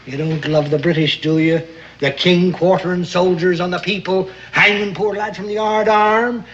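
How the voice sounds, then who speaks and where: A grizzled old sea captain. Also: male voice, sits high, fairly even intonation, normal speed, fairly bright tone, dull audio. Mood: conspiratorial. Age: older. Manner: salty sailor talk, boisterous and cajoling.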